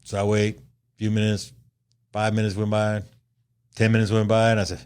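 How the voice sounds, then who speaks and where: A man's voice: on the low side, monotone, fairly quick, darkish tone, clear, resonant tone. An older man co-hosting a podcast, telling a long casual anecdote with lots of "you know" and chuckles. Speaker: podcast co-host. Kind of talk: casual storytelling chat.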